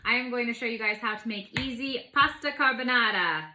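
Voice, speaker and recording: A woman's voice: a little high, fairly quick, noisy background. A woman hosting a casual home cooking video, chatty and bubbly with playful asides, in her home kitchen.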